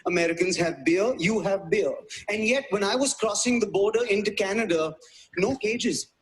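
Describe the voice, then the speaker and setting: A man's voice: high-pitched, normal speed, a crowd in the background. A man from India with an Indian English accent, performing a wry, self-mocking stand-up routine on stage before a live audience. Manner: wry, self-mocking, punchy delivery with put-on voices. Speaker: stand-up comedian.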